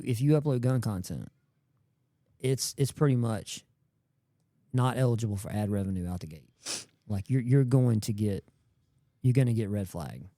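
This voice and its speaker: A man talks loosely as a guest on a podcast, piling on slang and circling back over his own words. His voice is mellow and dark, recorded dry and close. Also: medium pitch, no echo. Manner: rambling, slangy, repeats words. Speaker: guest YouTube creator. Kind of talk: casual podcast chat.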